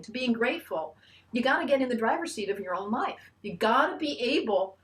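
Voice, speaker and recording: Woman minister, sermon, fairly high voice, earnest, encouraging, restarts phrases. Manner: leads the congregation in a call-and-response chant. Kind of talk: online church sermon.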